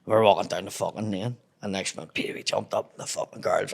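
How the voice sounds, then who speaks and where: Gravelly low-voiced Belfast man. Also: steady tone, fast, few pauses. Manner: swears constantly, acts out voices in anecdotes. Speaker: comedian guest. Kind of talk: casual storytelling chat.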